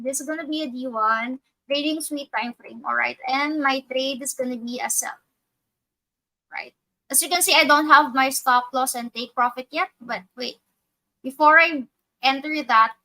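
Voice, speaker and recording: A woman's voice: high-pitched, bright, forceful tone, low-quality recording. A woman hosting a live trading session, walking through her chart step by step and correcting herself as she thinks aloud. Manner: methodical, thinks aloud with fillers and self-corrections. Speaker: trading educator.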